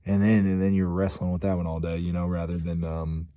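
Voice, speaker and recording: A young man with a low voice rambles loosely to his viewers, scattering fillers and "dude" through every thought. His tone is dark and mellow, relaxed and unpolished. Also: brisk. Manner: rambling and slangy, many fillers, says "dude". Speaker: vlogger. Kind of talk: casual vlog monologue.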